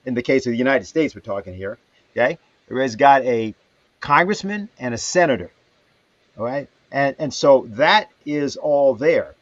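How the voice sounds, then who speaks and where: A man hosting a livestream panel who speaks haltingly with many fillers. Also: medium pitch, expressive, no echo. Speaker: host. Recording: dull dry lo-fi audio.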